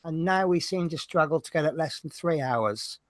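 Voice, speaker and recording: A man's voice: on the high side, lively intonation, moderate pace, no room sound. A man with a Norfolk accent hosting a livestream, chatting casually and rambling with self-mocking humor. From Norfolk, England. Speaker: livestream host.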